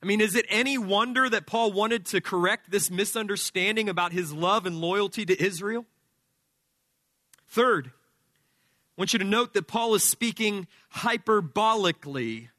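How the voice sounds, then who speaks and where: This is a man delivering an expository sermon, walking through his points in careful order. His voice sits high and ringing, and the dry sound keeps him close to the ear. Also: sharp tone, no room sound. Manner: emphatic, methodical teaching with numbered points. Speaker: preacher.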